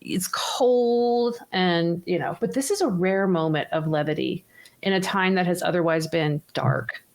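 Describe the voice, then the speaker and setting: A woman's voice: lowish voice, expressive, moderate pace, creaky. A woman running a tabletop game as game master, narrating in a chatty, rambling way with lots of fillers.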